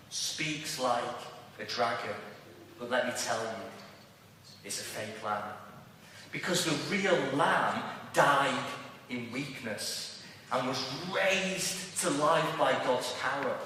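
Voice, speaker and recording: Slow, bright-voiced Liverpool preacher in an echoey hall. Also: male voice, medium pitch, lively intonation, a little hiss or hum. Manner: emphatic, rhetorical questions to the congregation. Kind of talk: sermon. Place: church hall. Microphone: distant room mic. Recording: echoey church hall from far off.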